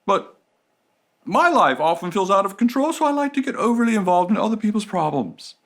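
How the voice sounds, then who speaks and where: Casting: a man playing an eager busybody rescuer, high and earnest. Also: very animated, a little fast, a bit bright, full character voice. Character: meddling rescuer who loves others' problems.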